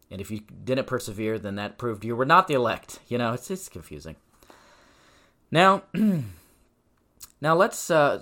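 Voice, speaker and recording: A man with a lowish voice hosts a podcast where he teaches the Bible like a preacher, shifting from loud insistence to quiet emphasis. He slows into a measured cadence when reading scripture and drops in conversational asides and tag questions.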